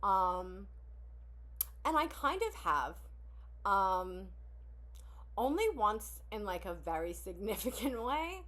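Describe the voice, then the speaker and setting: A woman hosts a casual song reaction video, oversharing with blunt, profane candor, sighing frequently and laughing. Her voice sits at medium pitch with big swings and a slightly bright quality. She talks slowly and pauses often.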